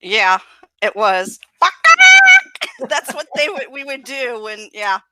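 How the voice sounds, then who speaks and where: A woman's voice: high voice, wildly swooping pitch, takes it slowly, sharp tone, no echo, low-quality recording. A woman from Southern California chatting playfully on a morning show, giggling often. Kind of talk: casual morning show chat.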